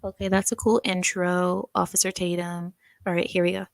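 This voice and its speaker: A woman's voice: on the low side, completely flat delivery, moderate pace, vocal fry, no echo. A woman doing casual reaction commentary on clips, blunt and sassy, scolding the speaker she reacts to.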